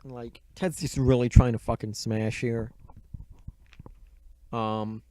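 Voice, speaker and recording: A man's voice: mid-range voice, flat delivery, takes it slowly, warm tone. A man giving a casual recap of a book and movie, swearing constantly with sardonic, rambling asides.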